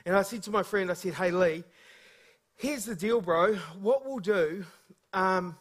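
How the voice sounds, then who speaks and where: Energetic New preacher with a high voice. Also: male voice, measured pace. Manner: storytelling, humorous and energetic. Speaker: guest preacher. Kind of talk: sermon.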